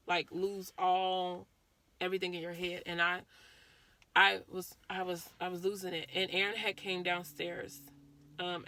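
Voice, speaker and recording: Bright-voiced woman telling a painful story. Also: on the low side. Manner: earnest, repeats herself, acts out quotes. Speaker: vlogger. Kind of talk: emotional personal storytelling.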